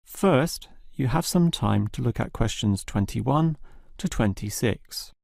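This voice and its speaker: Slow gravelly man announcing exam instructions. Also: mid-range voice, lively intonation, darkish tone, no room sound, clean studio sound. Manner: measured, formal announcing. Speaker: exam narrator. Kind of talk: scripted test instructions.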